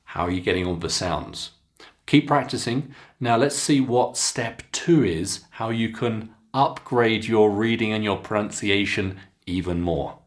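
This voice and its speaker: A man with a British English accent teaching pronunciation, reading a story aloud slowly and clearly between instructions to pause and practise. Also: fairly low pitch. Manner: slow, deliberate, clearly enunciated reading with instructions to repeat.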